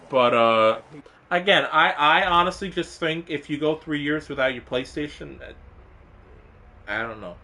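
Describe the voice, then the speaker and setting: A man's voice: medium pitch, normal speed, sharp tone. A young man streaming live, chatting casually and rambling in an exasperated way, full of fillers and restarts, sometimes mock-angry at a viewer.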